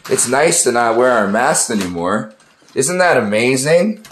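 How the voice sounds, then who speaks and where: A man's voice: mid-range voice, animated, unhurried, a little hiss or hum, pitched above the performer's own voice, lightly acted. A man mimicking a chirpy, gushing neighbor. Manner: bright, gushing greeting. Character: chirpy, relieved, cheerful adult neighbor. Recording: echoey room.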